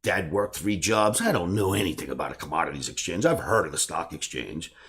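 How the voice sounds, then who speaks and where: A man in his sixties, a trading educator, telling a personal story in an animated way and bursting into shouts when he acts out scenes. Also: low voice, brisk.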